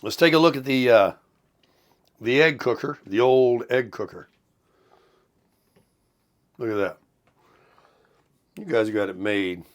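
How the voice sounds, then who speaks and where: A man's voice: mid-range voice, takes it slowly, long pauses. A middle-aged man chatting casually to viewers while cooking breakfast in his kitchen, rambling from one thing to the next. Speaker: vlogger. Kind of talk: casual morning vlog chat. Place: home kitchen, RV.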